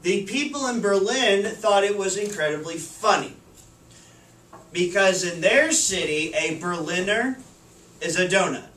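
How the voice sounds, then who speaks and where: A man's voice: sits high, lively intonation, measured pace. A man teaches a class, quizzing the students and repeating back what they answer. He is picked up from across the classroom, so the sound is roomy and a little distant, with faint noise behind it. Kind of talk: classroom lesson. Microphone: far camera. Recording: echoey classroom from far off.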